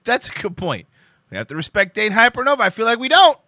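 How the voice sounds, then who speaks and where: A young man chats loosely with his live-stream viewers, rambling, swearing and laughing as he goes. His voice sits high and swings widely in pitch, with a bright edge. The sound is dry and close. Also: big pitch swings, fast talker, no room sound. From Cuban heritage. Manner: rambling, profane, joking, laughs often. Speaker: livestream host.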